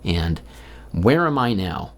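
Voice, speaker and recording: A man in his thirties talks alone in a loose stream-of-consciousness vlog. His voice sits on the low side, and he rambles candidly with plenty of swearing and filler words. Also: sing-song, takes it slowly. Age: 30s. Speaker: vlogger. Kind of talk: unscripted stream-of-consciousness monologue. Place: indoors, recording alone.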